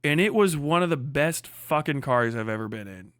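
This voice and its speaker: A man's voice: fairly high pitch, normal speed, smooth, no room sound, studio quality. A man hosting a livestream, ranting and mocking with constant swearing. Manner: swearing heavily, mocking, animated. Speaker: livestream host. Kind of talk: profane livestream rant.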